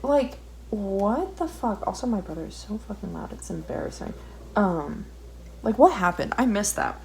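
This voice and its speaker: A woman's voice: mid-range voice, lively intonation, moderate pace, vocal fry, a little mellow. A young woman chatting casually while she draws, rambling, swearing often and putting herself down. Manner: swears a lot, rambling and self-deprecating. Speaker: art vlogger. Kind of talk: casual ranting while drawing. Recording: faint background noise.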